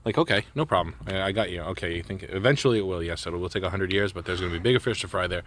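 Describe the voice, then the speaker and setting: A man's voice: low voice, rapid-fire, a bit bright. A man co-hosting a casual podcast chat, telling rambling, profane comic stories into a close mic. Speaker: show co-host.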